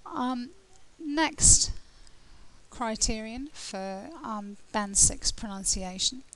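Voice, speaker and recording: A British woman, a language test tutor, explaining scoring criteria in a relaxed, conversational way with frequent fillers and restarts. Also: a little high, drawn-out words, slight background noise, rough recording. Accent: British English. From Britain.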